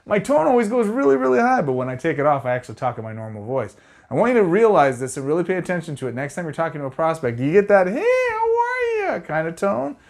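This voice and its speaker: A middle-aged man giving sales tips straight to the camera, energetic and conversational. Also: a little high, creaky. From Arizona. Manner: energetic, conversational, fast-talking. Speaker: sales trainer.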